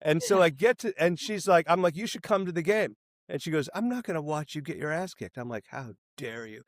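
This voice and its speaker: A man telling a long comic story in a casual interview, animated and acting out the people he quotes, with some swearing. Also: a little high, a little fast, no echo, clean studio sound. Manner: animated, acts out quoted voices, swears freely. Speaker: filmmaker telling stories.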